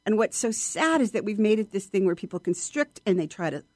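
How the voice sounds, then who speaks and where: A woman voice coach chatting in an interview, lively and expressive, often acting out her students. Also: mid-range voice, fairly quick, dry recording, studio quality. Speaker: voice coach guest. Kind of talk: casual interview chat.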